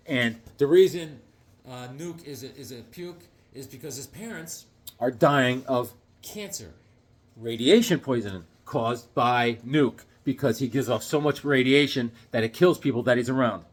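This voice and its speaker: A man casually recapping a comic book story, animated and storytelling, acting out the characters. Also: mid-range voice, moderate pace. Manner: frequent fillers and restarts.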